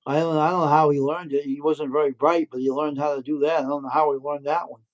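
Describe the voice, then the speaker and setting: A man's voice: fairly high pitch, little pitch movement, fast, lo-fi sound. A middle-aged man hosting a livestream, telling rambling stories and repeating himself. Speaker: livestream host. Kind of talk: casual storytelling.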